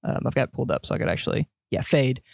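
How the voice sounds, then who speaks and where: Male podcast co-host, gravelly, thoughtful and halting, dry recording. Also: mid-range voice, lively intonation, dry recording. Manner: hesitant, measured, many ums. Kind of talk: casual movie chat.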